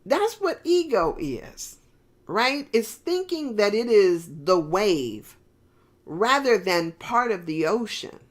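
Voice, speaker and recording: A woman's voice: medium pitch, sing-song, takes it slowly. A woman preaching a sermon in a rambling, conversational way with many fillers and restarts.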